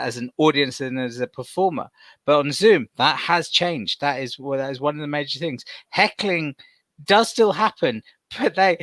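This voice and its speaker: A man with a bright, forceful voice and a fairly high pitch tells animated stories as a comedian on a video call. His sound is dry and close, with no room around it. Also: dry recording. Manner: animated storyteller, playful swearing. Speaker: comedian guest. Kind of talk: casual panel chat.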